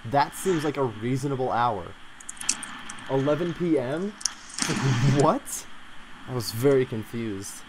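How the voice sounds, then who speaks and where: A streamer spins a casual story for their stream and keeps breaking into giggles. The voice sits at an ordinary middle pitch, and a steady hiss runs underneath it. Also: slow, long pauses. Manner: giggly, laughs through the telling.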